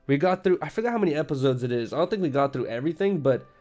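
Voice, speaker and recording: A man's voice: on the high side, lively intonation, very fast, a little mellow. Rambling, profane American man streaming. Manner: rambling, profane, laughs easily. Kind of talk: casual late-night stream chat.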